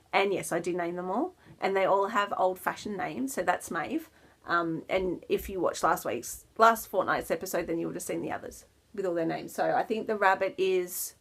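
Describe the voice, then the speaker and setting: In a mid-range voice, a woman hosts a knitting podcast, rambling casually and laughing at herself. Some of her soft asides sink almost to a whisper.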